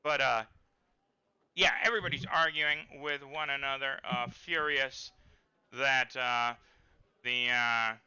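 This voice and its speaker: A male game master narrating a tabletop game. His voice is very bright and ringing, smooth and clear, and he rambles along with plenty of fillers. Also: medium pitch, steady tone, slow pace, pauses often, highs cut off.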